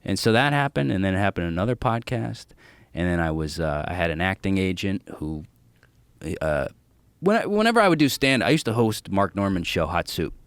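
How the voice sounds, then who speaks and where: A comedian guest on a podcast tells stories in casual chat, animated and swearing freely as he acts out the voices of the people he quotes. His voice is low-pitched and clean, a little fast, with no echo.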